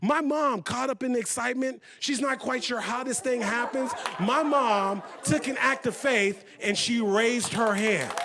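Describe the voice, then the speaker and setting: High-voiced man telling a dramatic story. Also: a little slow, gravelly, few pauses, a crowd in the background, noisy background. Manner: dramatic, builds to loud emphasis. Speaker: motivational speaker. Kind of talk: storytelling keynote talk. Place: conference hall with live audience.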